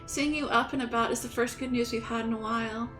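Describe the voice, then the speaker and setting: A woman's voice: on the high side, steady tone, quick pace, a bit bright, soft background music, natural voice. A woman reading out a polite, formal fantasy city attendant's lines from a game, in courteous tones. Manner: formal, courteous read-aloud. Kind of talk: reading game dialogue aloud.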